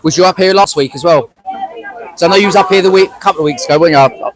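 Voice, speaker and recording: A man's voice: high-pitched, fast, low-quality recording. An English man hosting a casual outdoor livestream, chatting and greeting viewers by name. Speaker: livestream host. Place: outdoors at a street protest. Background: crowd.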